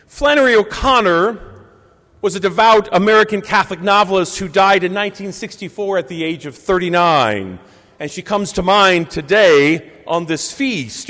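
High-voiced priest preaching in a reverberant church. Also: male voice, a bit bright. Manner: measured, reflective preaching with deliberate pauses. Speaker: Catholic priest. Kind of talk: Sunday homily.

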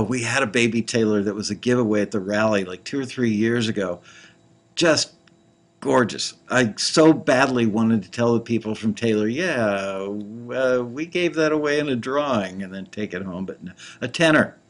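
A man's voice: medium pitch, normal speed. A man hosting a casual talk show, reviewing songs in a rambling, playful way with frequent restarts. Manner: rambling, self-interrupting, playful. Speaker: host reviewing music tracks. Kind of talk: casual chat.

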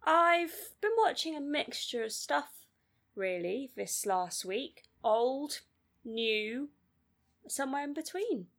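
A woman's voice: high voice, big pitch swings, takes it slowly, vocal fry, a bit bright. A woman co-hosting a podcast, chatting bluntly and animatedly about films, with plenty of fillers. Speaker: podcast co-host. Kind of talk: casual film review chat.

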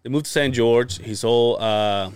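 A podcast host with a smooth, medium-pitched voice talks at a normal speed. In casual chat he spins a long, rambling story, swearing freely and filling it with fillers.

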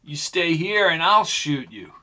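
A male narrator plays a ruthless outlaw in an audiobook western. He is curt and menacing, with a cold, scornful edge. His voice is slightly high and bright. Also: sing-song, a little slow, exaggerated voice.

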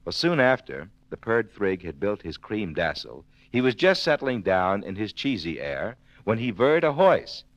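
A man's voice: fairly low pitch, measured pace, hardly any pauses, dry recording. Playful man telling a tale in spoonerisms. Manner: lively, playful swapped-sound delivery. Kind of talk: comic storytelling in spoonerisms. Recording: dull old record.

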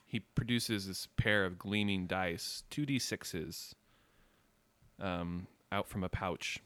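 Deep-voiced male game master, slow and vivid, clear tone. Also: a bit bright, dry recording. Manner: unhurried, vivid scene-setting with many fillers. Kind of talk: narrating a tabletop game.

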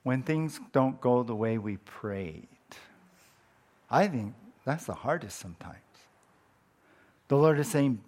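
A man's voice: mid-range voice, lively intonation, slow, long pauses. A man preaching a conversational sermon as a pastor, often repeating words and rising sharply when he quotes scripture. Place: church.

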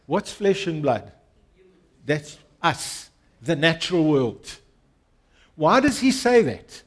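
A man with a notably high voice delivers a sermon as a pastor. He preaches earnestly, repeats key phrases for emphasis and draws the congregation into responding aloud. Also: big pitch swings, slow pace, breathy edge.

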